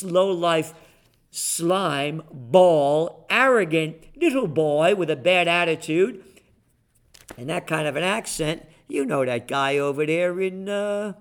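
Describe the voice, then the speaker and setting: A man delivers a biting monologue, his voice pitched a little high, jeering at politicians and running through market news. His tone swings between mockery and blunt, rapid-fire opinion. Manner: sarcastic, combative, mocking name-calling. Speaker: political and market commentary host. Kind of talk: ranting monologue commentary.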